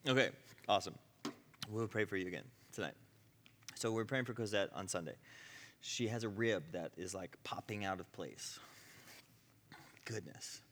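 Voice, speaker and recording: A man's voice: on the low side, normal speed, long pauses, a bit bright, long reverb tail, slight background noise. A man teaching a class on healing prayer in a conversational way, with frequent asides and "okay?" checks. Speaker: ministry teacher.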